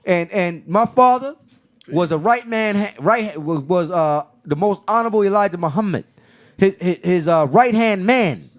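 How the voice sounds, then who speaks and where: High-ish guy hosting a chat, animated storyteller, keeps restarting and acting out what people said. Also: moderate pace. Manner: animated, acts out quoted dialogue with restarts. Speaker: podcast host. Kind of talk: casual discussion.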